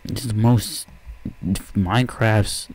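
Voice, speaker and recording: Excitable man yelping through a game. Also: lowish voice, slow pace, breathy edge. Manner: excitable, yelps and exclaims at the game. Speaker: let's player. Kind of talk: let's play commentary.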